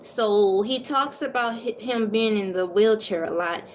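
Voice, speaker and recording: With a mid-range voice and an unhurried delivery, a woman reads aloud from a children's novel, trips over a few words, and chuckles at her mistakes. Between passages she drops in casual remarks, and there's slight background noise.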